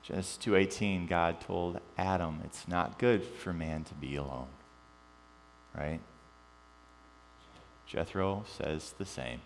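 A man's voice: low-pitched, takes it slowly, pauses often. Preaching man in a reverberant hall. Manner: animated preaching with jokes, drops to quiet emphasis. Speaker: pastor. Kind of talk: sermon. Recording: long reverb with mains hum.

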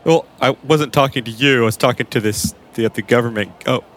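A man's voice: medium pitch, fairly bright tone. A man playing a tabletop game in a blunt, teasing manner. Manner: blunt, teasing, quick to interrupt. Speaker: player. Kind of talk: tabletop role-play.

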